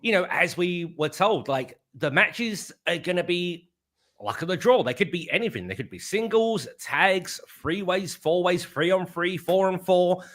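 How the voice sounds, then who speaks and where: An upbeat man hosts a casual preview chat over a video call. His voice is bright and forceful, and it sits a little high. He talks in a chatty, easygoing way. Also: animated. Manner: upbeat, chatty, quick to laugh. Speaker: host.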